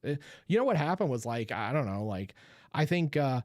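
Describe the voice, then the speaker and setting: Dude hosting a horror livestream, chatty and rambly, laughs a lot, pitch jumps all over, dry close mic. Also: male voice, sing-song, moderate pace, darkish tone, no echo. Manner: rambling, laughs often, restarts sentences. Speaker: horror show host. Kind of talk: casual livestream chat.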